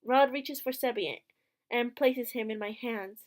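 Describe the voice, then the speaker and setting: Woman let's play host, high voice, reads narration, cracks jokes. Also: a little slow. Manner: narrating in first person, joking asides. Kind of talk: reading and commenting on a visual novel.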